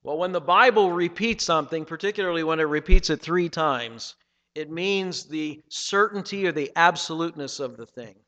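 A man preaching a sermon, reading scripture dramatically and swinging between loud passages and hushed ones. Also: on the high side, normal speed, long reverb tail. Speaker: pastor.

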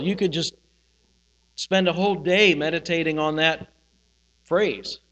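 A male pastor giving a sermon, teaching in a slow, reflective way and pausing on single words. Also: on the high side, fairly bright tone, highs cut off. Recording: hall reverb with mains hum.

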